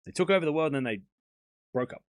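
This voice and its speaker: A man's voice: a little high, expressive, quick pace, slight background noise. A man hosting a live tennis watchalong stream, mixing casual play-by-play with joking banter and frequent laughs. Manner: chatty, joking, laughs often, argues playfully with chat.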